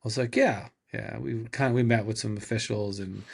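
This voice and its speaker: A man's voice: lowish voice, fairly quick, gravelly, husky. A man guest telling a casual anecdote, acting out the dialogue as he goes. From California, USA. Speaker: podcast guest. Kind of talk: casual storytelling.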